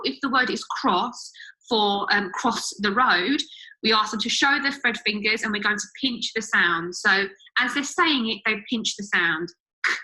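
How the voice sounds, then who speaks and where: A woman's voice: on the high side, sharp tone, poor audio. A woman teacher explaining a writing method to parents, step by step with the odd filler.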